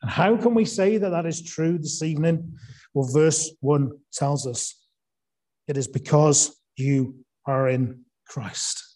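Earnest male preacher with a mellow voice. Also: on the high side, slow pace. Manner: earnest, asks rhetorical questions, stresses key words. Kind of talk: evening sermon.

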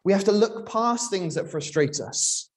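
A man preaches a sermon. His voice sits a little high, and he keeps it conversational, asking his listeners question after question. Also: animated, unhurried. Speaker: pastor.

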